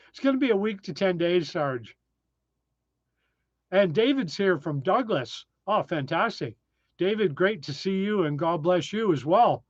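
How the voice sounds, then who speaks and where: A man's voice: high voice, animated, a little slow, dry recording, dull audio. Chatty man hosting a live stream. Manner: chatty, reads viewer names, frequent ums. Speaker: live-stream host reading chat. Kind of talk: casual live-stream chat. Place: tiny desert cabin, indoors.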